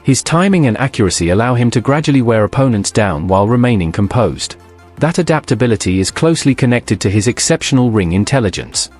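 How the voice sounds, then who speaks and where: Man in measured, scripted narration. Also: medium pitch, soft background music. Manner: even, measured, formal.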